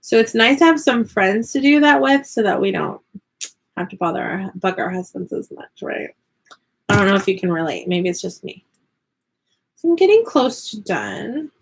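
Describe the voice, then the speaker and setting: A woman's voice: medium pitch, lively intonation, normal speed, slightly rough. A woman in her thirties talks through a live crafting stream from her home. Her chat is loose and rambling, full of fillers and little giggles, and she stays in easy conversation with the viewers. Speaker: vlogger and online teacher.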